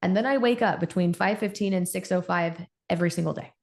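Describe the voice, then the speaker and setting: A woman in her forties, an endocrinologist guest on a podcast, telling stories in an animated, conversational way. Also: on the low side, quick pace. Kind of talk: casual podcast interview.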